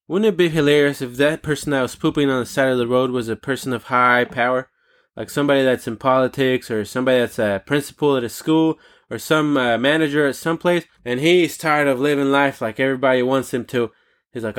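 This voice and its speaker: A man hosting a talk show alone, ranting in a casual, animated and indignant way, swearing freely. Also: medium pitch, brisk. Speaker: podcast host. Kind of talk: casual solo rant.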